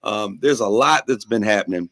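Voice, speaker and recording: Male talk host, rallying and emphatic, low voice, dry studio sound. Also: moderate pace, a bit bright, dry recording.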